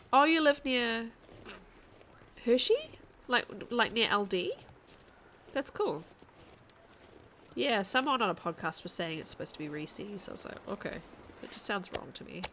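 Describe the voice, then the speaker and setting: A woman streaming a video game, chatting casually with her viewers and thinking out loud as she plays. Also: mid-range voice, sing-song, normal speed, a little hiss or hum. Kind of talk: casual chat while playing a game.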